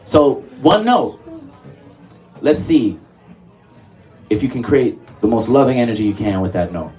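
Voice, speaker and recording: A man's voice: medium pitch, big pitch swings, unhurried, darkish tone. A man leading a live music workshop, coaxing the group along and laughing often. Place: workshop room with live audience.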